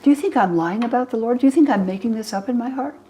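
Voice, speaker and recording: An older woman voicing Mary Magdalene, a calm, steadfast female disciple who speaks earnestly and reassuringly. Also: a little high, fast, breathy edge, voice pushed up. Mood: firm.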